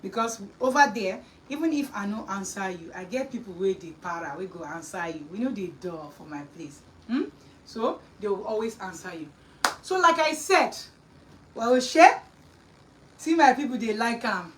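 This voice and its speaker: A woman host with a Nigerian accent telling a story in a lively, scolding chat, slipping into Pidgin and Yoruba. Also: medium pitch, moderate pace, distant mic, a little hiss or hum, low-quality recording. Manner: animated, mixing Pidgin and Yoruba, scolding asides.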